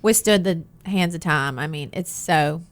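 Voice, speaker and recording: A woman's voice: low voice, unhurried, dry recording. A woman hosting a radio interview, chatty and enthusiastic, backing her guest with short affirmations. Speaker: radio host. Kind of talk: casual interview.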